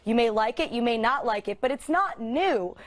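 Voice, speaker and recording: A woman's voice: fairly high pitch, animated, moderate pace. A woman panelist on a TV talk show, giving sarcastic, opinionated commentary. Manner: sarcastic, dry.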